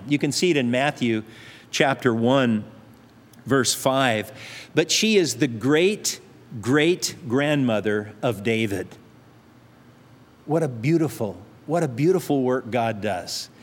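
A man preaching a sermon in an earnest, conversational way, often restarting his sentences. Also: fairly high pitch. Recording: long reverb hall.

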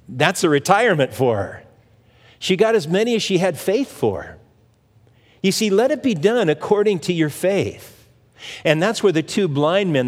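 A man preaching a sermon and telling stories from scripture, acting out each figure's lines as he goes. His voice sits a little high for a man. A long hall reverb trails behind every phrase. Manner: storytelling preacher who acts out the scripture voices. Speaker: pastor.

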